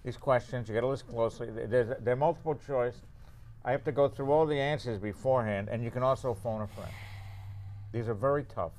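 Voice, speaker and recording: A man's voice: medium pitch, brisk, darkish tone. A man hosting a local variety show, teasing his guests with constant jokes and laughter. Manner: teasing, wisecracking, laughs often. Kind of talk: joking local cable show banter. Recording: faint room noise.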